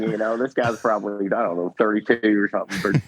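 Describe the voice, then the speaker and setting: A man in his sixties, a puppeteer guest, telling stories in an animated, laughing way. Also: on the low side, fast, few pauses, a loud crowd, rough recording. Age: 60s. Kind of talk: casual storytelling.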